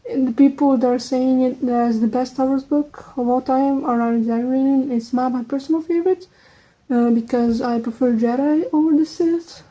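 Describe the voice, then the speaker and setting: A young woman who speaks English as a second language, with a slight American lean, chatting casually and quickly as a book vlogger, trailing off into soft asides. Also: high-pitched, steady tone, rough recording. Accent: American-leaning English, second language. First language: not English. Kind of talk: casual chat.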